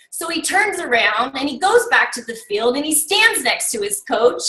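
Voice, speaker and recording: A woman's voice: on the high side, animated, normal speed, bright, forceful tone. A woman coach giving a motivational talk to her team, rallying them with rhetorical questions and lots of "like" and "okay?". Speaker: team coach recapping a summit. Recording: roomy and distant from the mic.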